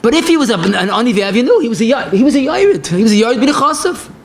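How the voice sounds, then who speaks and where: A man's voice: very high voice, big pitch swings, quick pace. A man giving a passionate Torah lecture as a rabbi, telling stories in mixed with Hebrew and phrases.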